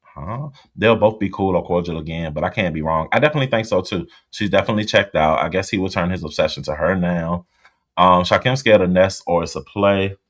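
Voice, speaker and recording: Livestream host, very low voice, blunt and chatty as he answers the chat. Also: brisk, a bit bright. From US East Coast. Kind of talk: casual livestream chat reading viewer comments.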